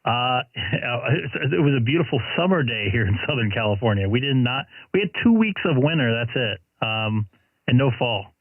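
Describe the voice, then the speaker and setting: A male ham radio operator hosting a live stream, chatting casually with callers and calling CQ in a relaxed, joking way. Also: mid-range voice, normal speed, narrow, tinny audio. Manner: relaxed, jokey, self-deprecating. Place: home radio station.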